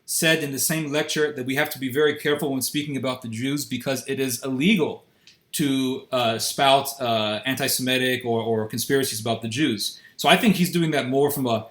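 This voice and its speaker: A man's voice: mid-range voice, brisk, fairly bright tone. A man interviewing a guest in a confrontational way, pressing and interrupting with emphatic questions.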